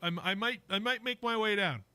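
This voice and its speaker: Bright, crisp-voiced male radio host. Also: high-pitched, a little fast, no room sound. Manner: upbeat, filler-heavy. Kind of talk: casual radio chat. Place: radio studio. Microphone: studio mic.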